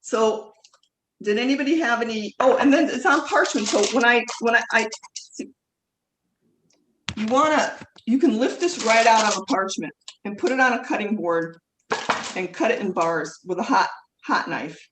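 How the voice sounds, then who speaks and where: A woman's voice: fairly high pitch, expressive, normal speed, pauses often. Chatty woman teaching cooking in an echoey room. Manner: chatty, rambling, self-correcting with frequent fillers. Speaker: cooking class instructor. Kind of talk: live online cooking demonstration. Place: home kitchen. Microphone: video call mic at a distance. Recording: echoey kitchen, distant mic, faint noise.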